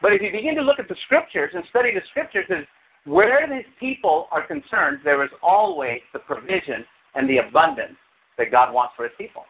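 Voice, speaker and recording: A man preaching a sermon as pastor, animated, with sudden high exclamations. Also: brisk, slightly rough. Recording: tinny phone-like sound.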